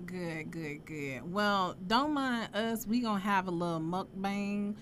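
A woman's voice: mid-range voice, animated, slow pace, a bit bright, slight background noise. Brash, foul-mouthed woman host. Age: 40s. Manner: brash, profane and playful. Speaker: podcast host. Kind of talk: casual live-stream chat.

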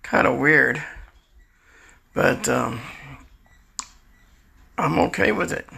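A man's voice: on the high side, animated, drawn-out words, creaky, sharp tone, husky. A man in his sixties rambling through a candid, confessional personal monologue. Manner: rambling, confessional, restarts often. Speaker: storyteller recounting his life.

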